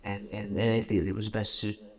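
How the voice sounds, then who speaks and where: A man from Canada answering audience questions at a festival screening, halting and repeating words often as he tells stories. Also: fairly low pitch, level tone, creaky, a little mellow. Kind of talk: festival Q&A storytelling. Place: festival stage Q&A.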